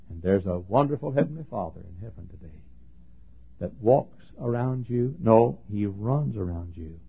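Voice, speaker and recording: A husky male pastor preaching a folksy, joking sermon that swings from hushed talk to shouting. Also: fairly low pitch, lively intonation, moderate pace. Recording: tinny lo-fi sermon recording.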